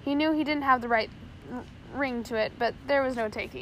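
A woman's voice: fairly high pitch, steady tone, fairly quick, slight background noise, poor audio. A woman narrating a chapter of a storybook aloud, reading steadily with small slips. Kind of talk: audiobook reading.

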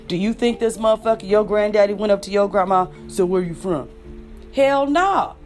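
A woman's voice: on the low side, a little mellow. A young adult woman ranting bluntly and sarcastically to her viewers, full of profanity. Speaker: vlogger. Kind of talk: ranting monologue.

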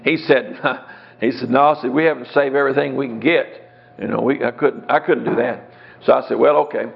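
A man's voice: mid-range voice, fairly even intonation, brisk, creaky. A middle-aged man, a Bible teacher telling a folksy story in a sermon, chuckling as he acts out the dialogue. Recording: dull lo-fi recording.

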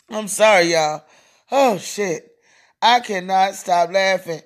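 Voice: medium pitch, takes it slowly, long pauses. A podcast host delivering a profane, mocking solo rant, laughing often between lines.

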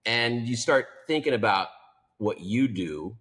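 A man's voice: mid-range voice, animated, unhurried, a bit bright. A man who trains dogs, co-hosting a podcast in casual chat with short, clipped remarks. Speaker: dog trainer and podcast co-host.

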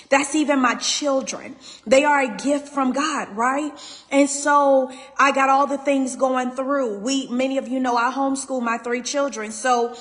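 Tearful woman host, high voice, long reverb, raw faith talk. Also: a bit bright. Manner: raw, tearful, holding back crying. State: near tears. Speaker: podcast host. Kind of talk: emotional faith talk to listeners.

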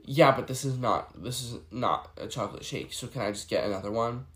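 A man's voice: mid-range voice, brisk, a bit bright, close to an everyday voice. A man voicing a rude, entitled woman customer at an ice cream shop, indignant and demanding, in his own ordinary voice.

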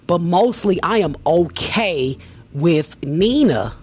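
A woman's voice: lowish voice, lively intonation, takes it slowly, breathy edge. A woman host giving a casual, emphatic motivational talk, addressing the listener directly. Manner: emphatic, chatty, talks straight to the listener. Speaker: vlogger, show host.

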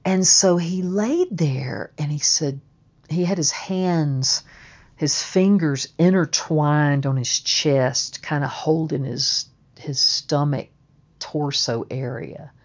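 Low-voiced woman telling a blunt story. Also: slow, muffled recording. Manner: blunt and profane, emphatic. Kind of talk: first-person spoken storytelling.

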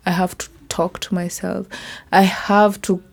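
A young Kenyan woman with a Kimeru accent, hosting a casual solo podcast and mixing English with Swahili, sometimes dropping to a soft whisper. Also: on the low side, level tone, a little slow, vocal fry. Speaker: podcast host.

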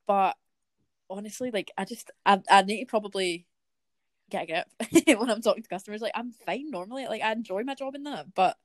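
A young Scottish woman hosting a podcast, telling lively work stories in casual chat with plenty of swearing. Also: medium pitch, a little fast, no echo. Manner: lively storytelling with frequent swearing. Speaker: podcast host.

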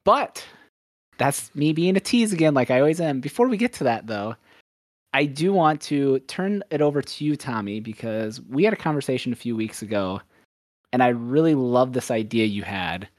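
A man's voice: medium pitch, lively intonation, normal speed, no echo, clean studio sound. A young man hosting a podcast in casual chat, rambling and upbeat, often correcting himself. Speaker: podcast host.

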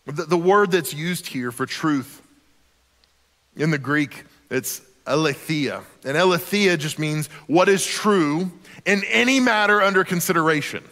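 A man's voice: high voice, a bit bright, big-room sound. A man, a pastor, preaching a sermon in a conversational, emphatic way with casual asides.

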